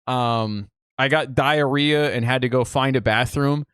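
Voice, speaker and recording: A young man from the Midwest tells a rambling story on a casual podcast, cursing freely and acting out every line he quotes. His voice is smooth and resonant at a middle pitch. The sound is close and dry, with no room behind it. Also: measured pace, no room sound. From Midwest United States. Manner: animated storyteller, swears, acts out quotes. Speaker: podcast co-host.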